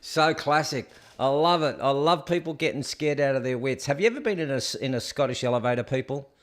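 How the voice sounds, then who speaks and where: A man's voice: mid-range voice, fairly quick. A man hosting a casual online show, laughing and chatting as he reacts to clips. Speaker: show host.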